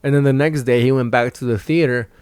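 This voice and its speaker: Talking fast and smooth, this young comedian spins a loose, profanity-filled story on his podcast, livening up whenever he imitates someone. His pitch is typical for a man, and the close recording has no room sound.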